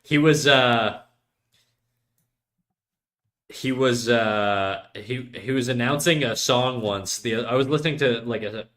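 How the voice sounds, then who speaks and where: A man's voice: medium pitch, slow, long pauses, a bit bright. Rambling man chatting while drawing. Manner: rambling, self-interrupting, jokey. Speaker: streamer giving drawing tips. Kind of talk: casual livestream chat while drawing.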